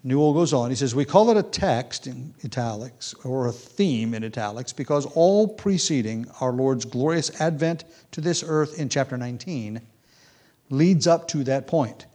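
A man's voice: mid-range voice, lively intonation, moderate pace, mellow. A man preaching an expository Bible lesson, explaining step by step with small fillers and restarts, and reading quotations aloud with rising emphasis.

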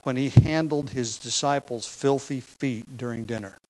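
A man's voice: medium pitch, moderate pace, darkish tone, low-quality recording. A man preaching an expository sermon, explaining a text with emphasis, occasional fillers and light chuckles.

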